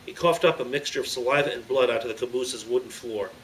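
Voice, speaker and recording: A man's voice: medium pitch, fast. A man hosting his own story show, reading a chapter of a children's adventure book aloud dramatically. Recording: slightly distant mic, faint background noise.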